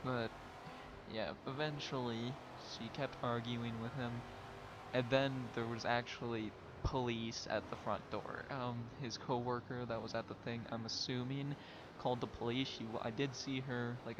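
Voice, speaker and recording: A man's voice: mid-range voice, little pitch movement, a little slow, noisy background. A young man, a vlogger, telling a story in a casual way and laughing often as he talks.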